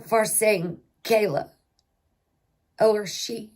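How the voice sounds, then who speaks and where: A woman hosting a spiritual healing livestream, talking slowly and reflectively with her viewers. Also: mid-range voice, darkish tone. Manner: slow, reflective, talks to chat and to herself. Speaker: spiritual healing channel host.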